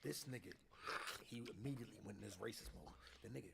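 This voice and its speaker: A man telling a story in casual chat on a gaming stream, animated and profane, full of street slang, acting out what people said. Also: lowish voice, fast, creaky, distant mic, heavy background noise.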